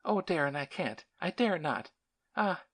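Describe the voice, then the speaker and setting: A man's voice: on the high side, very animated, a little slow, a bit bright, voice pushed up, full character voice. A man voicing a distraught young woman in an audiobook, pleading and tearful in a raised, strained voice.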